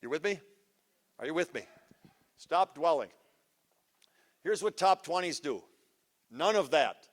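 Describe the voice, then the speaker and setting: A man's voice: on the high side, animated, measured pace, long pauses. A man giving a punchy, teasing workshop talk to a live audience of parents, quizzing them as he goes. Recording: live hall with long reverb.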